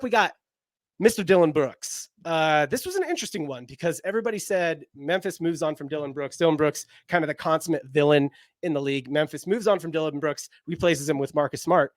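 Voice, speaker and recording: A man's voice: fairly high pitch, animated, a little fast, dry recording, clean studio sound. A young man co-hosting a casual basketball chat, rambling with lots of "like" fillers. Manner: rambling, heavy use of "like" fillers. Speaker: basketball podcast co-host.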